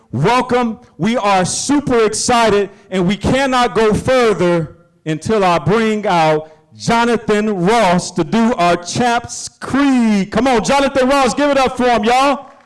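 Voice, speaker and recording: A man leading an audience through call-and-response chants from a stage, energetic and shouting. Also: sits high, rough recording. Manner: energetic, shouted chants with a slow, stretched cadence. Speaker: program founder and host. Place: large indoor stage, live audience.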